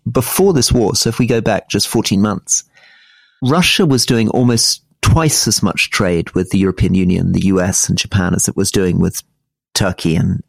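A middle-aged man co-hosting a political podcast, explaining current affairs in a measured way with frequent restarts. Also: fairly low pitch, vocal fry, dry recording, clean studio sound. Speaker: podcast co-host. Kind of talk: casual political discussion.

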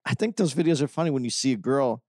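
Lively man co-hosting a podcast. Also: mid-range voice, fast, dry recording, clean studio sound. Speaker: podcast co-host. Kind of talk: casual comedic podcast banter.

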